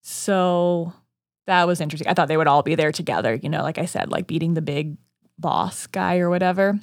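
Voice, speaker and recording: A woman co-hosting a casual podcast, talking in quick chatty bursts full of "like". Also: low-pitched, fairly even intonation, no room sound, studio quality. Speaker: podcast co-host, first-time reader.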